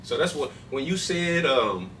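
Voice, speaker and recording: A man's voice: a little high, big pitch swings, measured pace. A man hosting a podcast, talking loosely in slangy casual chat with lots of restarts. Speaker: podcast host. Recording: distant mic with faint noise.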